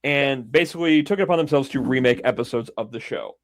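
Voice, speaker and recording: A man's voice: mid-range voice, fast talker. A man co-hosting a casual podcast, retelling a film scene by scene with lots of swearing and little acted-out bits. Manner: animated storyteller, swears freely, acts out scenes. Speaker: podcast co-host.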